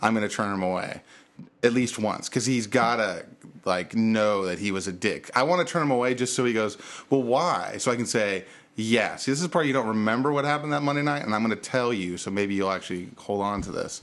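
Male podcast host, young adult, lively storyteller who plays out the dialogue in his anecdotes. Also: fairly quick. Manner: animated, acts out quotes with big pitch jumps. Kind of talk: casual storytelling chat.

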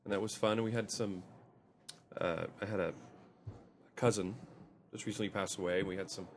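A man recounting his holidays in an easygoing, halting way during a casual chat. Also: on the low side, steady tone, slight background noise.

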